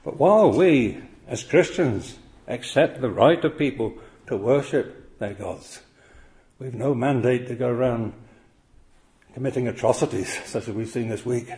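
A man's voice: medium pitch, a little slow, a little mellow. A man preaching a sermon, earnest and emphatic, often pressing his point with rhetorical questions.

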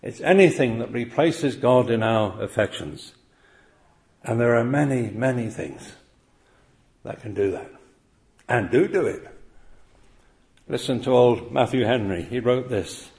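A man's voice: medium pitch, animated, unhurried, long pauses, a little mellow. A man preaching a sermon, earnest and emphatic, often pressing his point with rhetorical questions.

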